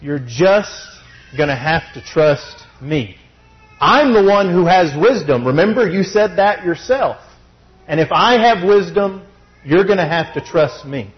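A preacher dropping his voice into God speaking low and steady, a calm, all-knowing presence who asks for trust. The sound is a little dull and lo-fi, and the talk swings up and down in pitch. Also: unhurried. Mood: reassuring.

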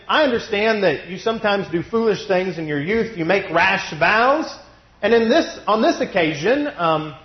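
A man preaching a sermon through a cough, slowing down to stress his points, at a pulpit mic in a church. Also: a little high. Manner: measured, deliberate delivery with slowed emphasis. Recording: roomy, dull lo-fi sound.

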